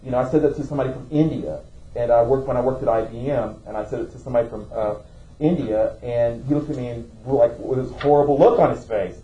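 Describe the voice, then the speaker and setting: A man's voice: mid-range voice, quick pace, mellow, lo-fi sound. A man teaching a classroom lesson, asking students questions and checking in with "okay?". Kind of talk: classroom lecture.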